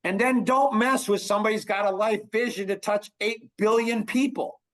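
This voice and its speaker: An older man hosting a casual podcast, talking emphatically and swinging between loud bursts and hushed asides. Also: high-pitched, fairly even intonation, moderate pace. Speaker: podcast host.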